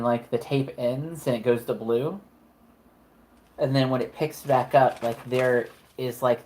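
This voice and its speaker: A woman's voice: very deep voice, darkish tone. A woman narrating a tabletop horror game as game master, casual and profane, with lots of "like" fillers.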